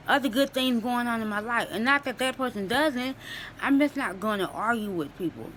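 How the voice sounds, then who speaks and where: A woman's voice: mid-range voice, a bit bright, a little hiss or hum, low-quality recording. Tearful young woman giving an earnest testimony. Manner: earnest, preachy, repeats phrases. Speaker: student sharing a Christian encouragement. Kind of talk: casual spoken testimony to camera.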